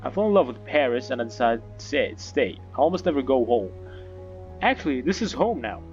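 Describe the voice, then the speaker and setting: A wistful young woman taxi passenger in a story game, quietly unhappy about a marriage her parents arranged, as a man reads her lines aloud. The voice sits at a middle pitch. The recording is slightly dull and lo-fi, with faint music underneath. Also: sing-song, brisk. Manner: plain reading of her lines, own voice.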